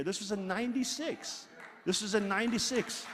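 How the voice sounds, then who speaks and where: Middle-aged preacher guy, emphatic, loud then quiet, reading along with the church, big reverby hall. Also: high-pitched, normal speed. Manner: emphatic, swings between loud exclaiming and quiet asides; leads the congregation in reading scripture aloud. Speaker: pastor. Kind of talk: sermon.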